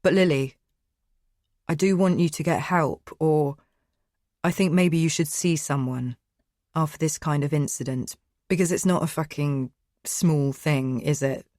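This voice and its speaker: A man's voice: fairly high pitch, a little slow, a little mellow, no echo, clean studio sound, natural voice. A woman doing an agitated man's voice. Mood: coaxing. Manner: swearing, agitated then soothing. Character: flustered British man, defensive then coaxing.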